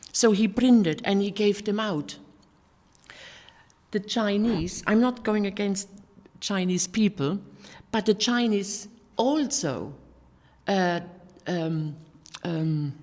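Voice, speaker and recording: A woman's voice: mid-range voice, darkish tone. Earnest older woman preaching in a hall. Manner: earnest, halting, with many restarts and fillers. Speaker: sermon giver. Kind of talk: personal testimony sermon. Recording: hall reverb.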